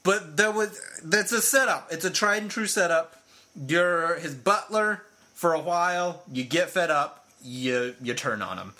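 A man co-hosting a casual podcast chat, playful and quick to laugh with jokey asides. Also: fairly high pitch, expressive, pushed and bright. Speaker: podcast co-host. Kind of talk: casual chat about wrestling.

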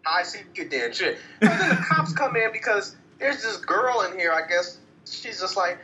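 A man's voice: sits high, normal speed, few pauses, slight background noise, rough recording. A man ranting casually about a movie, swearing a lot and acting out lines from it. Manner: animated, profane, acts out quoted lines. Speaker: movie reviewer. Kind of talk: casual profane movie rant.

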